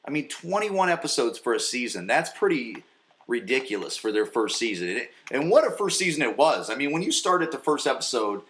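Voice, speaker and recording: A man in his forties hosting a podcast from his basement, recapping an episode in a rambling, profane, excitable way. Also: mid-range voice, brisk, roomy sound. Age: 40s. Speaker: podcast host. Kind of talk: casual solo recap. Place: home basement.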